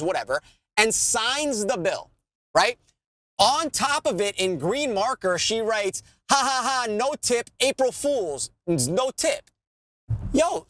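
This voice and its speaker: Animated, swearing man ranting. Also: high-pitched, no echo. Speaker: podcast co-host. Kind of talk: casual profane chat.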